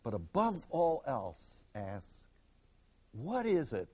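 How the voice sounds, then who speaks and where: A man teaching a Bible lesson, dramatic, swinging from loud emphasis to a near hush and acting out the people in the stories. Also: mid-range voice, huge pitch swings, slow. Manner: acts out quoted speakers in the stories.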